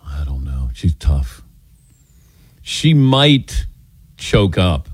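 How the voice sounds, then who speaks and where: A man's voice: very deep voice, extremely slow, breathy edge, dry recording. A middle-aged man hosting a call-in radio show, joking and telling stories with his co-hosts. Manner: lively, joking, animated storytelling. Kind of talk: casual call-in radio chat. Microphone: studio microphone.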